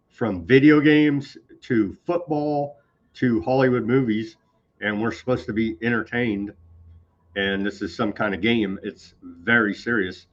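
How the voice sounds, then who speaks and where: A man hosting a live news show, reading posts aloud and commenting with sarcasm and indignation. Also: mid-range voice. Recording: slightly dull lo-fi sound.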